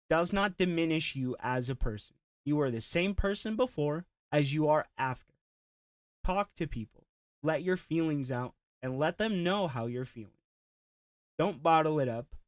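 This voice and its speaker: A man's voice: a little high, no room sound, clean studio sound. A man hosting a reaction commentary show, talking bluntly and mockingly with plenty of swearing. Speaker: commentary host.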